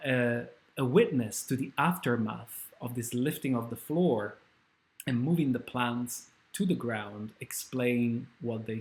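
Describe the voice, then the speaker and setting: Enthusiastic male scholar giving a talk. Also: medium pitch. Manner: enthusiastic, with frequent fillers. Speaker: scholar and speaker. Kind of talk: academic talk.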